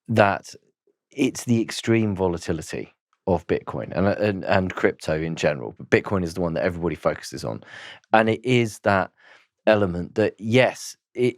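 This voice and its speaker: Deep-voiced man summing up. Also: no room sound, clean studio sound. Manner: measured, hesitant, many fillers. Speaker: podcast co-host. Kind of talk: summing up advice.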